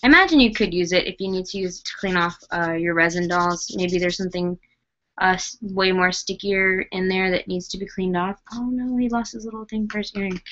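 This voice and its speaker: A woman doll-collector vlogger chats casually about her dolls while working on them, rambling with plenty of fillers. Her medium-pitched voice is a bit bright and a little fast, on a muffled recording.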